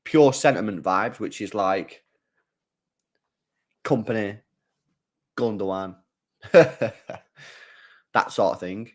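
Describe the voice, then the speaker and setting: A man's voice: fairly low pitch, slow pace, long pauses. A man chatting casually as a football watchalong streamer, rambling and repeating his phrases for emphasis. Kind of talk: casual live-stream chat.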